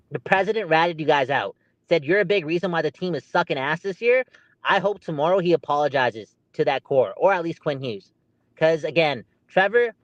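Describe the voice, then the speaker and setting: A man co-hosting a podcast, ranting in an animated, exasperated way. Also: on the high side, no echo, lo-fi sound. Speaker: podcast co-host. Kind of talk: heated casual podcast chat.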